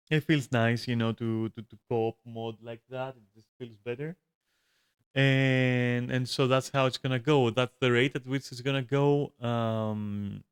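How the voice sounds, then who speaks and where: A man's voice: medium pitch, clean tone. Male streamer, casual rant from home, curses freely, stumbles and restarts, mid-range voice. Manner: swears a lot, frequent restarts and filler likes. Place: room at home.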